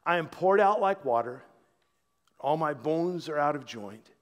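A man preaching a sermon, swinging from loud proclamation to a hushed near-whisper. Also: fairly high pitch, expressive, a little slow, long reverb tail. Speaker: pastor. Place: church.

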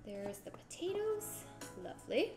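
A woman's voice: very high-pitched, big pitch swings, measured pace. A woman streaming herself cooking, chatting casually with her viewers and narrating each step. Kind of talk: casual live-stream chat while cooking. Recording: background music clearly audible.

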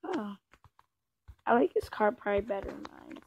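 A woman's voice: medium pitch, animated, normal speed, a little mellow, lightly acted. A woman voicing an easygoing married man buying a car in a game role-play. He rambles and talks to himself. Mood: chatty. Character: easygoing male car buyer with a wife. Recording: muffled and noisy, with background clicks.

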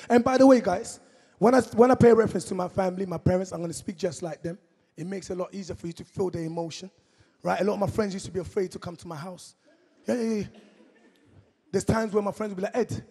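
A young man from Congo doing a stand-up comedy set, energetic, shouting punchlines and acting out his parents. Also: high-pitched, a little fast, gravelly, husky. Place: comedy concert stage. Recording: live show in a hall with long reverb.

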